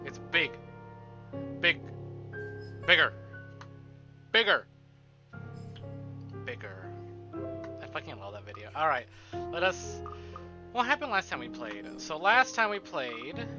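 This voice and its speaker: A man streaming a visual novel, chatting casually with his chat, excitable and swearing often. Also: fairly high pitch. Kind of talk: casual live-stream chat and game reading.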